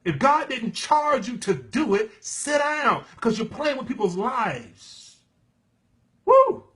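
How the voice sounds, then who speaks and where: A man with a high-pitched voice delivers a sermon-style teaching. He preaches with fervent emphasis, addressing his listeners as "baby." He breaks into loud exclamations and bursts of laughter. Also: sing-song, takes it slowly.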